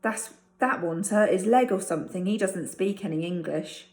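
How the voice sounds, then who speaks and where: A woman reading a storybook aloud, voicing an excited young boy who tells his friend what happened. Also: mid-range voice, moderate pace, close to an everyday voice. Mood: chatty. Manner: excited, breathless. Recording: roomy echo.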